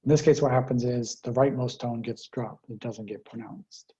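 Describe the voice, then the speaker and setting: A man's voice: mid-range voice, fairly even intonation, normal speed, dark tone, highs cut off. A man giving a linguistics lecture, explaining step by step with frequent fillers over a remote call.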